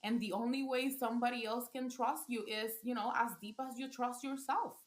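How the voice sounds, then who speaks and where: A woman's voice: fairly high pitch, steady tone, brisk. A woman parent coach in a casual podcast conversation, earnest, often repeating and restarting her phrases. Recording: roomy echo.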